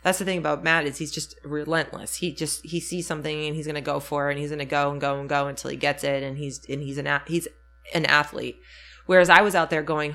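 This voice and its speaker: Mid-pitched speaker, reflective chat. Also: flat delivery, brisk, a bit bright. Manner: reflective, many ums and self-corrections. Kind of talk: casual storytelling chat.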